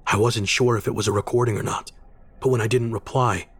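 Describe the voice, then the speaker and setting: A man narrating a horror story in the first person, with a measured, tense delivery. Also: lowish voice, steady tone, a bit bright, slightly rough.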